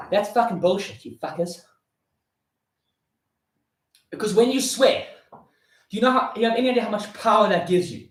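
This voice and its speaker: A man's voice: high-pitched, expressive, a little fast. Hyped, breathless young man, heavy swearing. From South Africa. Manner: loud, hyped, heavy swearing, counting reps aloud. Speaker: vlogger. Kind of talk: motivational rant while doing push-ups. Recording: roomy echo.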